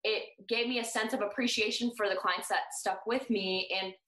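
Rambling female podcast guest with a bright voice, recorded in an echoey room. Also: medium pitch, steady tone, moderate pace. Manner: rambling, restarts often. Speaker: personal trainer guest. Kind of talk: casual podcast chat.

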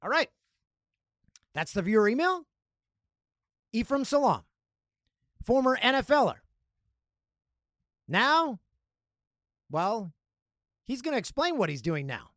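Man, podcast host, casual storytelling, lively pitch, dry sound. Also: takes it slowly, long pauses, no echo. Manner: animated storytelling, acts out others' lines.

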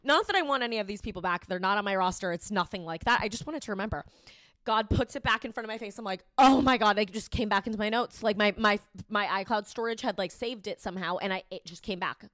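A young woman co-hosting a podcast, telling a story in a lively, casual chat, laughing and swearing freely. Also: mid-range voice, fast talker, no echo, studio quality. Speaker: podcast co-host.

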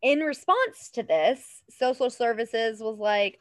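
Animated high-voiced woman telling a story. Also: takes it slowly, no room sound, clean studio sound. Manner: animated, laughs often, stumbles over words. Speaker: podcast co-host. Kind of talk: casual true-crime storytelling chat.

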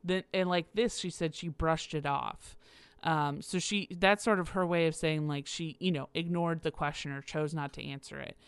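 A woman's voice: deep voice, steady tone, normal speed, clear, resonant tone, dry recording. A woman hosting a podcast on her own, rambling casually with laughs and frequent fillers. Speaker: podcast host. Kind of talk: casual solo commentary.

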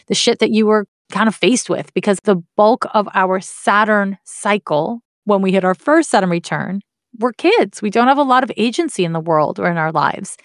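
A woman's voice: mid-range voice, no echo, studio quality. A woman explaining astrology in a casual, candid way, swearing now and then and making wry asides. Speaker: astrology teacher.

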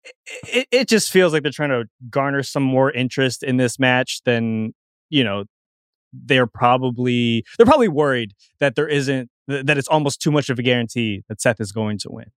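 A man's voice: mid-range voice, expressive, moderate pace, smooth, dry recording, clean studio sound. A young man hosting a casual talk show, rambling along with restarts and chuckles. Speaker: show host. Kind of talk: casual wrestling talk chat.

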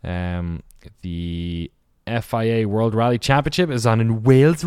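Rambling man, low dry voice. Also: moderate pace, few pauses, a little mellow, smooth, no room sound. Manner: rambling, off-the-cuff, swears, corrects himself often. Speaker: podcast host. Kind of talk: solo podcast monologue.

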